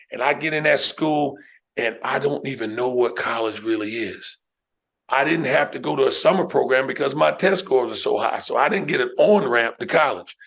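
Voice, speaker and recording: Animated middle-aged storyteller man. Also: medium pitch, vocal fry. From New York, USA. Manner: emphatic, animated storyteller who addresses the listener with "man" and "right?". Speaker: guest, educator and speaker. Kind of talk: personal storytelling on a podcast.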